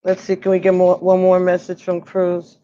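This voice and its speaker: A woman giving an oracle card reading on a livestream, musing slowly and pausing as if listening for messages. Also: on the low side, completely flat delivery, dark tone, dull audio. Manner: slow, musing, pauses to listen.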